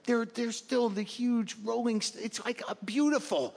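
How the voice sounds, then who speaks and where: A man in his sixties doing a stand-up routine, neurotic and self-deprecating, jumping into high mocking voices. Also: steady tone, moderate pace, gravelly, few pauses, a little mellow. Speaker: stand-up comedian. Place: large comedy venue with live audience. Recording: roomy stage recording with crowd laughter.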